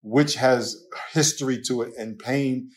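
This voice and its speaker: An older man with a New York accent, a pastor and author talking as a podcast guest, animated and laughing often as he tells stories. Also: mid-range voice, a little slow. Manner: animated storyteller, laughs often, slips into acted quotes. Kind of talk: conversational podcast interview.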